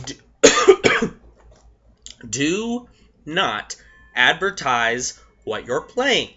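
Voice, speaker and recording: A hoarse young man giving blunt, profane tips to his viewers in a casual vlog, coughing between points. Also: mid-range voice, bright, forceful tone. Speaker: vlogger. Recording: dull lo-fi recording.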